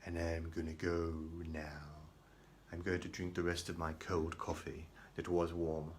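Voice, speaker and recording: Low-voiced man rambling to camera. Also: monotone, unhurried, a little hiss or hum. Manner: rambling, self-deprecating, many restarts. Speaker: vlogger. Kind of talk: casual rambling monologue.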